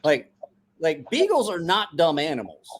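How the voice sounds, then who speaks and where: A middle-aged man from a small rural town, hosting and telling profane, animated stories in casual chat. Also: a little high, normal speed, a little hiss or hum. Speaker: host.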